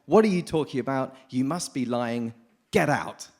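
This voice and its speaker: A man voicing a small male frog in a well, incredulous and scornful, his voice pitched up for the character. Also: animated, moderate pace, a little mellow. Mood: indignant.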